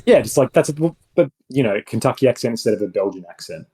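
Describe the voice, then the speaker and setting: A man's voice: mid-range voice, animated, quick pace, mellow, slightly rough, rough recording. A man co-hosting a film review podcast, talking in a rambling, casual way with many restarts and asides. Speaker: podcast co-host.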